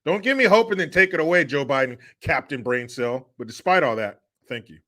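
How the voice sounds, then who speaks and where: A man's voice: a little high, animated, brisk, bright, forceful tone. A man hosting a casual livestream, reading out viewer donations with joking, sarcastic remarks and frequent laughter.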